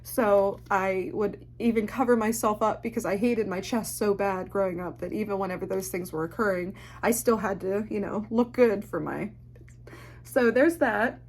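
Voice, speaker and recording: Young woman, emotional confession to camera, candid, halting, swears a lot, fighting back tears. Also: mid-range voice, darkish tone. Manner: candid, halting, swears often, fillers and restarts. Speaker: ASMR channel host.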